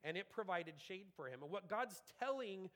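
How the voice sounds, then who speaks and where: Higher-voiced man preaching a sermon. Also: moderate pace, in a large hall. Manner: animated, conversational, acts out quotes.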